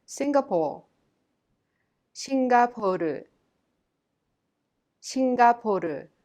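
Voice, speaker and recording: A woman language teacher giving a scripted lesson, speaking clearly and carefully and saying words twice for learners to repeat. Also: fairly high pitch, expressive, normal speed, a little mellow.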